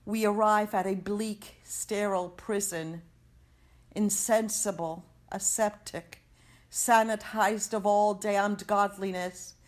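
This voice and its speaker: Slow, solemn woman reading poetry. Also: mid-range voice. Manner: slow, measured, emphatic delivery with long pauses. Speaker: poetry reader.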